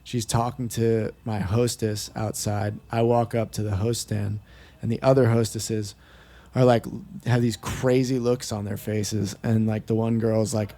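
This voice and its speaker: A young man appears as a guest on a podcast, chatting casually and candidly, swearing often and filling his speech with "like." His voice is on the low side and dark in tone, with little pitch movement and a slightly slow pace.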